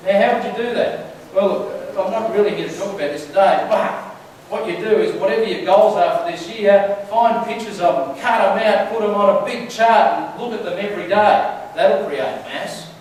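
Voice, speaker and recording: A high-pitched man gives a conversational church sermon at a moderate pace with few pauses, chatting, telling stories and asking the crowd questions. His voice is a little mellow, the mic is far off in a very echoey hall, and there's slight background noise.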